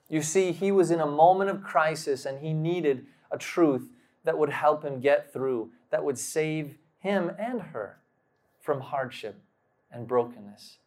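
In his sermon a man shares a personal story with slow drama, acting out what people said and flaring into sudden loud bursts. His voice is on the high side.

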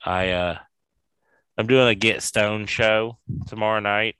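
A man's voice: lowish voice, fairly even intonation, slow, sharp tone, clear, resonant tone, dry recording. A man hosting a podcast, chatting casually in a laid-back, rambling way. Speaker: podcast host. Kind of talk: casual chat.

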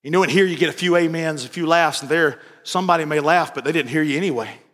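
A man preaching a sermon as pastor, telling stories and moving between quiet asides and raised fervor. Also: a little high, quick pace. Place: church sanctuary. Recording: church sanctuary with long reverb.

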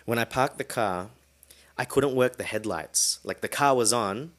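A man hosting a solo podcast, telling a story in a casual, animated way and swearing freely. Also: medium pitch, a little slow. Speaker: podcast host.

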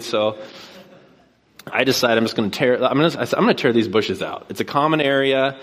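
Male pastor, mid-pitched voice, chatty storytelling sermon, repeated rhetorical questions, speaking on stage. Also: fairly quick, a bit bright. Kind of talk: sermon with personal anecdote.

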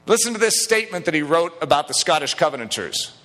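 A fairly high, bright man's voice preaching with big swings in pitch. He is a middle-aged pastor who jokes easily with the congregation, then drives his points home with emphatic declarations. A long reverb trails after him from the sanctuary. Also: quick pace. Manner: lively, jokey preaching that builds to emphatic declarations. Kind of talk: sermon. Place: church sanctuary.

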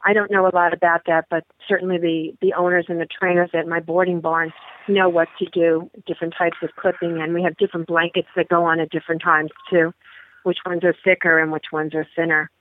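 A woman with a New York accent joins a podcast roundtable as a listener, enthusiastic and quick with exclamations. Her voice sits a little low. She comes through a tinny, dry phone line. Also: flat delivery, no room sound. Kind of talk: casual roundtable chat.

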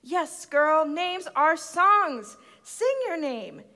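An encouraging mother from a storybook speaks in an emphatic, sing-song way, voiced by a woman reading aloud. Her voice is high and bright, and a long church reverb rings after it. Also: sing-song, very slow, full character voice.

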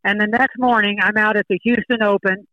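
An older man, a golfer, telling animated stories as a guest in a podcast interview. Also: high-pitched, a little fast, no room sound, highs cut off. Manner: storytelling, animated.

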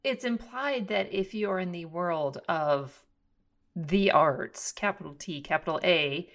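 A woman from Texas co-hosting a podcast in casual chat, tossing in sarcastic, deadpan quips and interruptions. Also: fairly low pitch, unhurried. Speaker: podcast co-host.

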